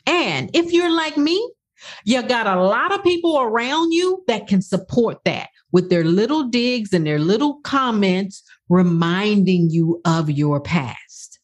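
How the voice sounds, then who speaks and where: A woman in her sixties hosting her own podcast as a life coach, speaking bluntly and with passion. Her pitch swings widely and her delivery is unhurried. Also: big pitch swings. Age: 60s. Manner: passionate, blunt, swears for emphasis. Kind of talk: podcast monologue.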